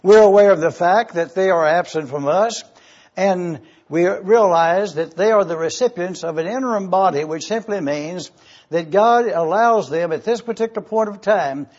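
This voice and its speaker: A man preaching a sermon as pastor, teaching at a slow, deliberate pace and breaking down Greek words of a Bible verse. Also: high voice, a little mellow. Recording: dull lo-fi recording.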